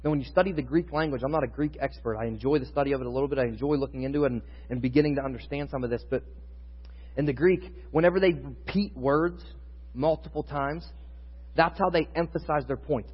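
A man's voice: mid-range voice, fast talker, breathy edge. A man preaching a sermon in a conversational teaching style, building in intensity at times. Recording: muffled sound with long reverb in a hall.

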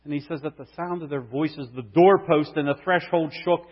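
A man preaching a sermon, moving between loud proclamation and hushed intensity. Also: a little high, steady tone, moderate pace. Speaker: pastor. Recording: muffled sound with long hall reverb.

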